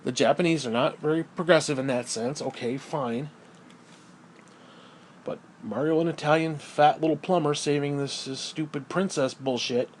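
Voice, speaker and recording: A man's voice: on the high side, a little hiss or hum. A man delivering a crude, heated monologue, swearing constantly and repeating phrases for emphasis. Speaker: video creator. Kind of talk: profane ranting monologue.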